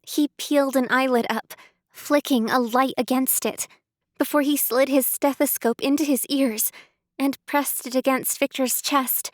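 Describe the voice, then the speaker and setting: A woman narrating a first-person audiobook in a measured way, close to the mic. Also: sits high, fairly even intonation, no echo.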